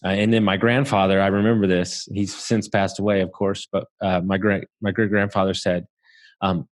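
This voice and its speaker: A man's voice: deep voice, flat delivery, moderate pace. A man from Southeast Texas telling a story as a podcast guest, talking casually, swearing freely and laughing as he goes.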